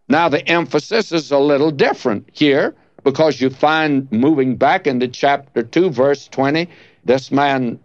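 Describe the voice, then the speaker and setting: A man preaching a sermon, reading verses slowly and leaning on key words. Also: a little high, dry recording. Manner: slow, deliberate, stresses key words. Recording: dull lo-fi dry recording.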